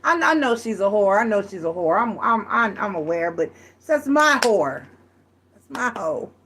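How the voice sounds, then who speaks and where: A woman's voice: mid-range voice, sing-song, normal speed, fairly bright tone, slight background noise. A woman voicing a tired, resigned man who admits he is still with his partner. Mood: weary. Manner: weary, trailing off, sighing.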